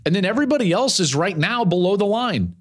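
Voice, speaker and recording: A middle-aged man hosting a sports opinion show, breaking down college football with emphatic, animated delivery and repeated phrases for effect. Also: high voice, quick pace.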